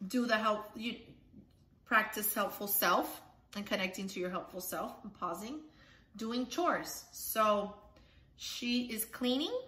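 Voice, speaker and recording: A woman's voice: medium pitch, pushed and bright. A woman presenting a children's book, explaining each picture and checking in with a frequent "right?". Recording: echoey room.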